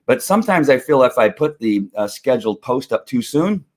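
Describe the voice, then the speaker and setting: A man's voice: mid-range voice, very animated, normal speed, a little mellow. A middle-aged man hosting a casual livestream, rambling with lots of restarts and chuckles. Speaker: host of a faith and politics livestream.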